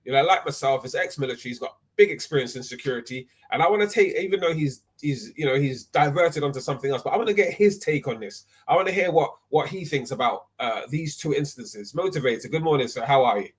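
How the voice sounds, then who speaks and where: A man's voice: a little high, lively intonation, fast, few pauses, slightly rough. A man hosting a live online talk, emphatic and often tagging his points with "right?". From Nigeria. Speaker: host.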